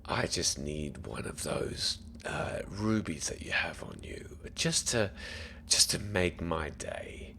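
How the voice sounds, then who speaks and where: A man's voice: low voice, expressive, takes it slowly, gravelly, hardly any pauses, sharp tone, slight background noise, full character voice. A man voicing a sneering male street thug from a gang, with a wheedling, mocking manner and an Australian accent. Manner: wheedling, mocking, turns jittery when hurt.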